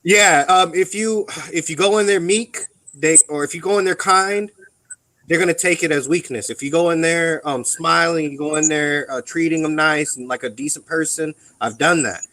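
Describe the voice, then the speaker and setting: A man's voice: a little high, moderate pace, bright, forceful tone, poor audio. A man in casual chat about being a veteran, talking bluntly with plenty of ums and curses. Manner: rambling, blunt and profane, with many ums. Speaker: veteran on a live radio chat.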